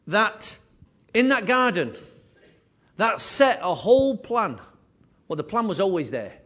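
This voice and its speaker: A man preaching a sermon with emphatic, repetitive phrasing, his voice rising and falling in loudness. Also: sits high, very animated, measured pace, long pauses. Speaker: pastor.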